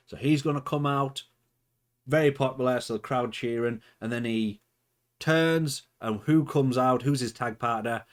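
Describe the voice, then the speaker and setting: A man's voice: medium pitch, measured pace. A man casually narrating his wrestling simulation game, chatting and thinking aloud. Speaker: gaming channel host. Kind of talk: let's play commentary.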